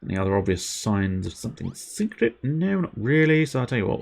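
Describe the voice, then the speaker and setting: A man's voice: lowish voice, sing-song, brisk, creaky, hardly any pauses, a little mellow. A young man streaming a video game, chatting casually and breaking into silly made-up rhymes and jingles. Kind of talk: casual gameplay commentary.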